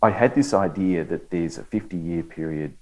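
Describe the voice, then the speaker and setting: A man's voice: low voice, moderate pace, dark tone, low-quality recording. A man, an author at a bookshop literary event, laying out historical background in an orderly, explanatory way. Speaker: author in conversation. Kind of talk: onstage literary conversation.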